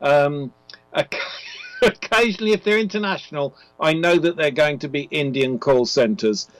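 A man's voice: on the high side, huge pitch swings, moderate pace, low-quality recording. A man joining a radio show remotely as a regular co-host, chatting casually in a wry, hesitant way. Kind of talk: casual radio chat over the internet.

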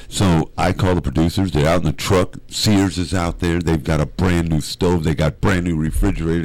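A man hosting a radio show, chatting and telling stories in a teasing, animated way and slipping into funny voices. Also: low-pitched, no room sound, poor audio. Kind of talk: casual studio chat and storytelling. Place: radio studio.

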